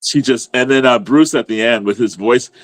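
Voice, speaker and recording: A man chatting as a guest on a livestream, easygoing and quick to laugh. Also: medium pitch, no echo. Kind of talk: casual chat.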